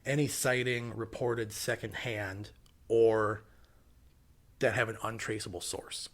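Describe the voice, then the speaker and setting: Male podcast co-host from Wisconsin, slightly low voice, relaxed and rambling, heavy on the ums. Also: slow. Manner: relaxed, rambling with many fillers. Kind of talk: casual podcast chat.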